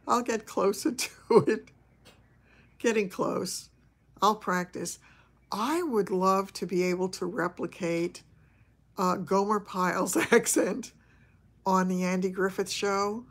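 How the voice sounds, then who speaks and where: An older woman with a New York accent chatting casually on a livestream, laughing easily and often clearing her throat as she answers viewers. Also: mid-range voice, slow, pauses often, fairly bright tone. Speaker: vlogger host, former actress. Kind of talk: casual livestream chat reading viewer comments.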